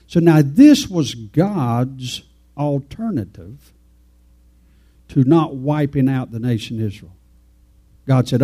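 Man, preacher, folksy informal sermon, rambling, warm dark tone. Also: medium pitch, lively intonation, unhurried, long pauses, slightly rough. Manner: folksy, rambling, talks to the congregation.

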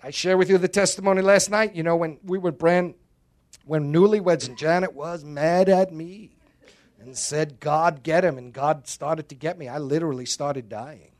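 A man preaching a sermon in a slightly high voice. His delivery is emphatic and dramatic. He breaks it up with joking asides. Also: fairly even intonation, moderate pace, darkish tone.

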